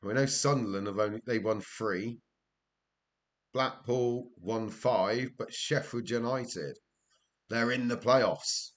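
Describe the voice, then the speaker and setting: A man's voice: medium pitch, slow pace. Chatty Welsh man streaming a game. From Wales. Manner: chatty storyteller, laughs often, answers chat. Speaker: gaming streamer. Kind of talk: casual live-stream chat over gameplay.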